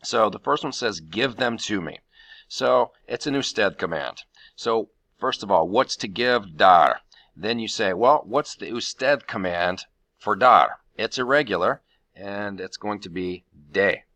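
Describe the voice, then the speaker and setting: A man teaching a Spanish grammar lesson, walking through the steps of each rule with frequent fillers and pauses. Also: fairly low pitch, lively intonation, sharp tone.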